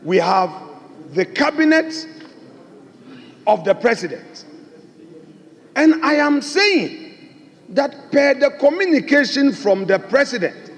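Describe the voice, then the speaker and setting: During a parliamentary debate, a man serving as minority leader insistently repeats his challenge, speaking slowly with frequent pauses. His voice is extremely high-pitched and very animated, and the large chamber gives the recording a long reverb.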